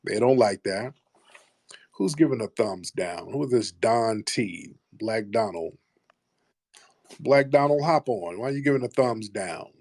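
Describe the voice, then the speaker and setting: A man's voice: on the low side, expressive, measured pace, a little mellow, no room sound, studio quality. A man hosting a live call-in show, talking in a blunt, preachy, confrontational way. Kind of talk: heated casual talk.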